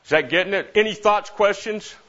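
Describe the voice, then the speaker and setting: A middle-aged man teaching a Bible class, lively and repeating verses while stressing different words. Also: high-pitched, brisk. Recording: dull lo-fi recording.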